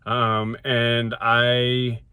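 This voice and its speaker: A man's voice: mid-range voice, completely flat delivery, extremely slow, pushed and bright, clear, resonant tone, no echo. A man telling a personal story to a phone camera from inside his car, rambling and emphatic, with frequent restarts. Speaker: vlogger.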